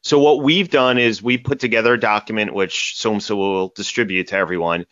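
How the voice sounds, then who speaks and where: A man with a lowish, fairly bright voice speaks briskly and with fairly even intonation, appearing as a guest from a cybersecurity company on a podcast. He answers interview questions by telling stories animatedly, capping his points with "right?". The audio is dry, dull and lo-fi.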